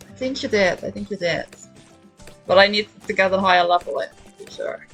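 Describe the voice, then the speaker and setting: A woman's voice: medium pitch, a little fast, a bit bright, poor audio. A young woman streamer chatting casually while playing a video game, giggly and repeating words as she thinks. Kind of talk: casual gaming stream chat. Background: faint game music.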